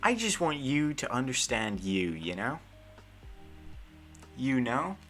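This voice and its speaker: Lively teasing male streamer. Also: mid-range voice, slow, faint music behind. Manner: teasing, swearing, breaks into laughter. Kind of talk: casual chat with a friend on stream. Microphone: headset earphones.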